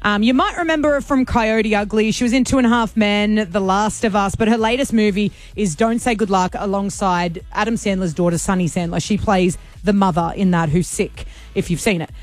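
A woman's voice: medium pitch, brisk, few pauses, no echo. An Australian woman hosting a radio show, chatty and teasing, laughing easily. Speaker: radio host. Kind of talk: casual radio banter.

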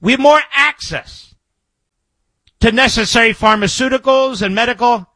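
A man with a very high-pitched, sharp-toned voice hosts a talk radio show with no echo. He delivers an emphatic monologue into a studio microphone, repeating key phrases for effect.

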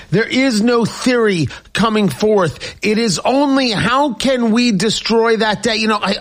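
A man hosting a talk radio show, speaking in an emphatic, repetitive monologue. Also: high voice.

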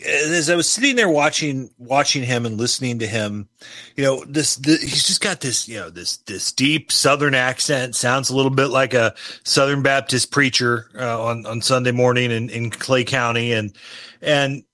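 Bright-voiced musing male host. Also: mid-range voice, moderate pace, no echo. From Illinois. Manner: musing, conversational. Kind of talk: political interview.

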